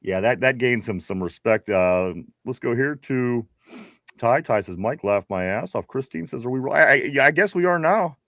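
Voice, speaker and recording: A man's voice: medium pitch, expressive, normal speed, fairly bright tone, dry recording. A man with a Pittsburgh accent hosting a casual live stream, reading viewer comments aloud with frequent laughs. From Pittsburgh area. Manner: laid-back, laughs often, reads chat messages aloud. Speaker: podcast host.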